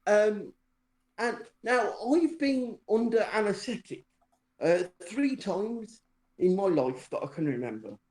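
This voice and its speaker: A man telling a personal story in a relaxed, chatty way. He wanders with frequent "um"s and restarts and mocks himself with a dry wit. The recording is roomy, with noticeable echo. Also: high-pitched, takes it slowly. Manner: rambling, lots of fillers and restarts, dry self-mocking humour. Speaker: podcast co-host telling a story. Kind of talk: casual anecdotal storytelling.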